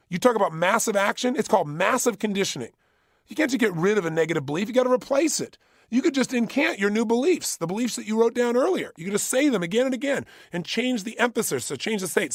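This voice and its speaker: A man speaks in a high-pitched, rough-edged voice, delivering a motivational workshop talk. He is punchy and insistent, driving points home through repetition. The sound is close and dry, with no room echo. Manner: emphatic, punchy, repeats key phrases.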